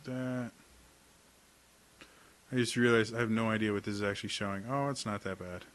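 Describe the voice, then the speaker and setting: Man, game master, casual, easygoing, bright voice, voice chat. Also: lowish voice, fairly even intonation, brisk. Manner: casual, easygoing, talking to himself. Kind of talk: running an online tabletop game. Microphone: online voice chat.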